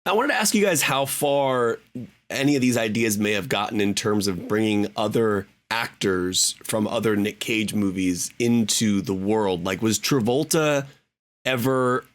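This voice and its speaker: A man's voice: on the low side, measured pace. A man hosting a film podcast, asking curious, rambling questions. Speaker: podcast host. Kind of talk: podcast interview.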